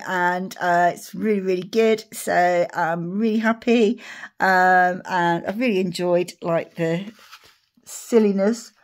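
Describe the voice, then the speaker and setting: A middle-aged woman chatting to camera in a rambling, animated way, acting out retold conversations. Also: mid-range voice. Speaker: vlogger. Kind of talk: casual chat to camera.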